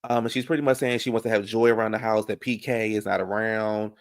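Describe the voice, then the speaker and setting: A man giving a sassy, animated casual recap of a reality TV episode, laughing often. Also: lowish voice, fast talker. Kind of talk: casual reaction commentary.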